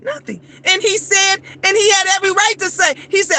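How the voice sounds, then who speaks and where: Blunt, lively woman in her fifties. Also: very high-pitched, a little fast, few pauses. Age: 50s. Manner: animated, frank and blunt, acts out quoted voices. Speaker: vlogger. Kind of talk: casual chat.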